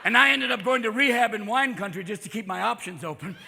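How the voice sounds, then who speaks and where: A man's voice: sits high, lively intonation, vocal fry, sharp tone, slight background noise. A man in his fifties doing manic stand-up comedy on a theater stage, leaping into voices. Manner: manic, rapid-fire, leaps into voices. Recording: live theater with long reverb.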